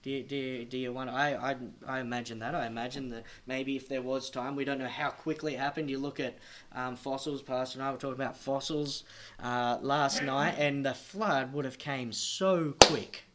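A man's voice: medium pitch, fairly even intonation, normal speed, fairly bright tone. A man preaching a sermon, telling a story and then building to emphatic, repeated warnings.

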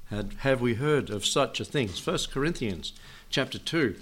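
A man's voice: medium pitch, animated, moderate pace, a bit bright. An older man preaching a Bible teaching sermon in a folksy way, chuckling often and asking his listeners questions.

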